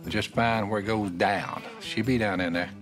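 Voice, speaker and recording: Lowish folksy man, drawling. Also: fairly even intonation, moderate pace. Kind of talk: reality show banter and confessional. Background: music, guitar.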